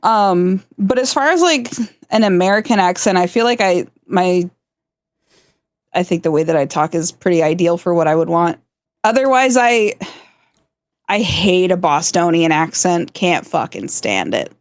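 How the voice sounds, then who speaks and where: A woman's voice: on the low side, lively intonation, normal speed, dry recording. A woman from South Florida, a stream guest chatting casually, swearing freely and laughing often. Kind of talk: casual chat.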